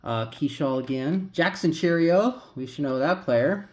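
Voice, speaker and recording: A man's voice: on the high side, animated, measured pace, darkish tone. Casual male card-opening vlogger, mumbling names, loose and rambling. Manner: rambling, mutters names as he flips cards. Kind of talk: casual pack-opening commentary.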